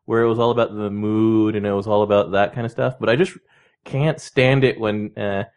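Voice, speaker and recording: A man in a casual group chat, giving his opinions in an articulate, deliberate way. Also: fairly low pitch, steady tone, a little mellow, clear, resonant tone. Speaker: podcast co-host.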